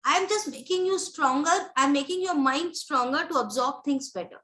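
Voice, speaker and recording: Lady coach running a live training, really bright tone, keeps asking listeners if they got it. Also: high voice, moderate pace, rough recording. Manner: emphatic, repeats key phrases; checks in with listeners directly. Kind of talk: live motivational training session.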